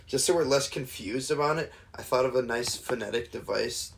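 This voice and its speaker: Young guy cohosting a sports podcast, normal pitch, kinda rambly, lots of restarts. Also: vocal fry. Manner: rambling, halting, many restarts. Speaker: podcast co-host. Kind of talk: casual sports chat.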